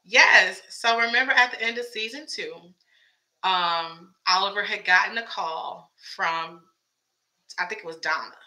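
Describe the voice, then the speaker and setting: A woman's voice: medium pitch, a little slow, bright, forceful tone, rough recording. A woman chatting casually as a fan commentator, wondering aloud with lots of questions, her voice a bit strained. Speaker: show commentator.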